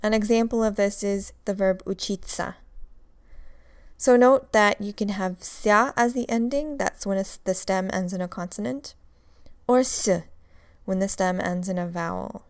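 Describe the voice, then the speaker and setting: A woman's voice: medium pitch, moderate pace, smooth, no echo. A woman teaching a recorded grammar lecture, explaining step by step and drilling examples. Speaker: Russian language teacher.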